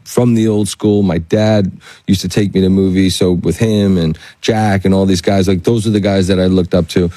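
A man, a guest actor, telling casual anecdotes in an interview, animated and laughing through the quoted bits. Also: low voice, normal speed, no room sound, low-quality recording.

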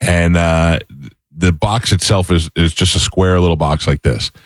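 A man with a very low voice hosts a morning radio show, rambling through stories and laughing easily. The sound is dry and close. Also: steady tone, unhurried, no echo. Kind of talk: casual morning radio chat.

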